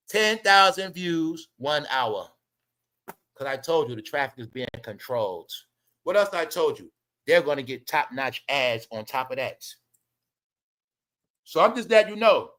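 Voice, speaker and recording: A man's voice: high voice, bright, forceful tone. A man hosting his own livestream, giving blunt, profane, mocking commentary and repeating his points. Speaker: livestream host.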